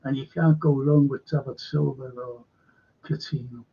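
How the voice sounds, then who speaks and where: Gravelly, husky man chatting. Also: medium pitch, fairly even intonation, normal speed, mellow, dull audio. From Liverpool. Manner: rambling, chatty, jokey asides. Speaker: host. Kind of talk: live fan chat show, reading chat questions.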